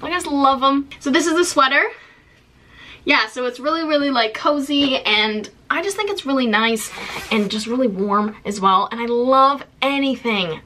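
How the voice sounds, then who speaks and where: A woman's voice: sits high, moderate pace, bright, forceful tone. A young woman from Canada in her twenties, chatting casually on camera about things she bought and was given, bubbly and full of fillers. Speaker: vlogger. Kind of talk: casual haul chat.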